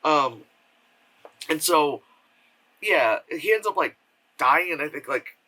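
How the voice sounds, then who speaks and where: A man's voice: fairly high pitch, lively intonation, slow pace, bright, forceful tone, low-quality recording. A man giving a casual spoken film review from home, rambling with lots of fillers and acting out quotes in mocking voices. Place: home room with air purifier hum.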